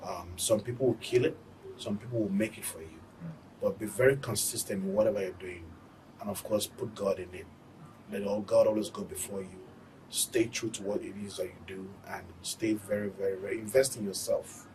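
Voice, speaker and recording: A young man talks freely as a guest on the interview. His voice sits low and easy, and he laughs readily. The mic is set back from him and faint ambience runs underneath. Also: a little fast, far from the mic, a little hiss or hum, rough recording. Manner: relaxed, laughs easily, earnest when giving advice. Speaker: guest entertainer.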